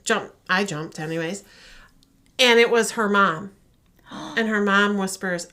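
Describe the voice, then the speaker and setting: A woman's voice: mid-range voice, a little slow. A woman co-hosting a podcast, animatedly retelling a horror short and acting out the voices. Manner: animated storytelling, acts out voices. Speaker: podcast co-host.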